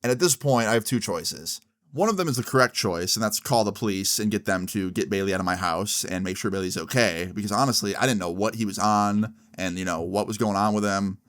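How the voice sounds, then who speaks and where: A man's voice: lowish voice, fairly quick. Casual storytelling man, chatty. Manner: casual and animated, lots of "dude" and "like".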